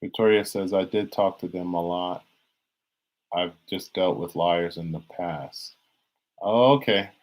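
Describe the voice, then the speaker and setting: In a rough recording, a man with a low, unhurried, somewhat mellow voice gives a tarot reading over a live stream. His delivery is loose and rambling, full of restarts and repeated phrases.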